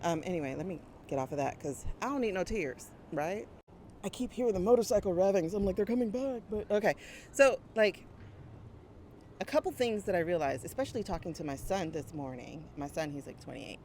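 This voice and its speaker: Her voice runs low, expressive, a bit fast, and slightly mellow as this 40-something brand coach chats to her viewers. She's outdoors beside a street with faint traffic, speaking into a small mic attached to her phone and laughing frequently.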